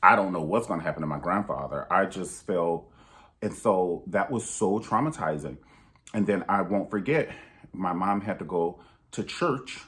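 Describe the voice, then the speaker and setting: Deep-voiced man giving blunt advice. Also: normal speed, a bit bright. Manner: emphatic, preachy, direct advice to viewers; pitch jumps high for emphasis. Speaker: vlogger. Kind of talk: candid personal vlog monologue.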